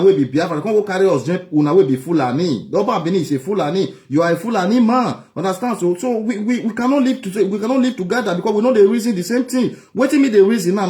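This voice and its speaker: A Nigerian man broadcasts an angry political rant. He repeats his points and mocks his target. His voice sits high but sounds warm and mellow. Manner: angry, repetitive, mocking. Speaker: online broadcaster.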